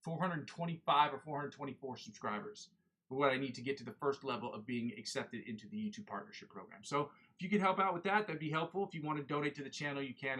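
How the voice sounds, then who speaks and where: A man's voice: medium pitch, fairly bright tone. A young man hosting a guitar livestream, chatting in a rambling, self-correcting way. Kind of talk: casual livestream chat.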